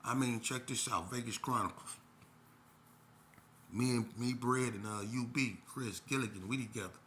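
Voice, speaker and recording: A man's voice: medium pitch, normal speed, a bit bright, slight background noise. A middle-aged man telling an unscripted personal story in a blunt, streetwise way, circling back with many restarts. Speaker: storyteller recounting his street past.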